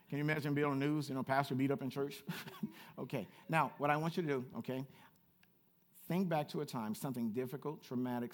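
A man preaching a sermon as pastor, swinging from quiet asides to loud repeated calls and chatting with the congregation. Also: medium pitch. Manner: chatty with the congregation, laughs at himself. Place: church.

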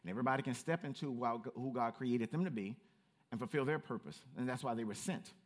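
A man pastor preaching a sermon, animated and playful, calling out to members of the congregation. He has a Southern Black way of speaking. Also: mid-range voice, fast talker. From United States.

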